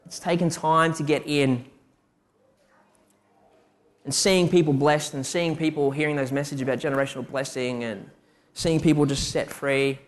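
A young man delivers a sermon, moving between personal stories and a string of rhetorical questions. His voice sits a little higher than most men's. He speaks with a personal, testimony-like directness. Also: fairly even intonation, moderate pace, long pauses. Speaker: preacher giving a testimony.

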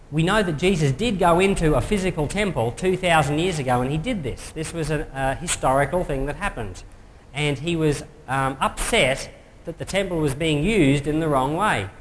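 A pastor giving a relaxed, conversational sermon, pausing often with fillers. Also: male voice, mid-range voice. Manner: relaxed, conversational preaching with many pauses and fillers. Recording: reverberant hall with faint noise.

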